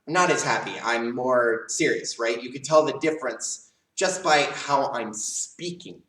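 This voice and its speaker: A man teaching a live leadership class to kids as a karate instructor, calm and earnest, speaking straight to his students. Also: mid-range voice, a little slow, recorded from a distance. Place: karate school. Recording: roomy, mic set back.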